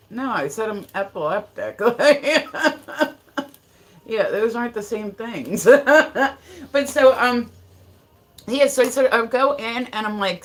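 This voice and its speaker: A woman from Ohio chatting casually on a livestream, greeting viewers by name and swearing bluntly. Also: fairly low pitch. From Ohio, USA. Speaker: livestream host. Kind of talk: casual live-stream chat.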